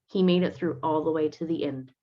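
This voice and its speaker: A woman teacher reading a picture book aloud to children, stopping gently to explain the pictures. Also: deep voice, steady tone, brisk. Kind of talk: read-aloud with commentary for children. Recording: dull lo-fi recording.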